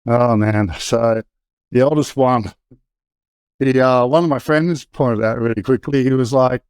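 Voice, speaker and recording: A man's voice: mid-range voice, measured pace, darkish tone, clear, resonant tone, no room sound. Australian man telling his story. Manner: conversational, with frequent restarts and fillers. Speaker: guest. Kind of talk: candid personal storytelling.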